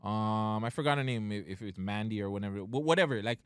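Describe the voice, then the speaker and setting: A man's voice: fairly low pitch, quick pace, clear, resonant tone, no room sound, clean studio sound. A young man, co-hosting a casual podcast and ranting in a heated, profane way. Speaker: podcast co-host.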